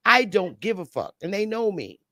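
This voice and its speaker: A woman's voice: mid-range voice, sing-song, normal speed, bright, forceful tone, no echo. A woman speaking as a panelist on a live stream, delivering a heated, blunt and profane rant over a video call. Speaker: livestream panelist.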